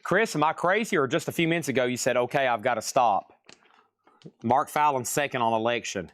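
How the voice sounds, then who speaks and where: A man's voice: medium pitch, brisk, a bit bright, no echo, studio quality. Chatty man running a live record sale. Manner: chatty, reads out buyer names, prices and record conditions. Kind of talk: casual live-stream auction patter. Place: record shop.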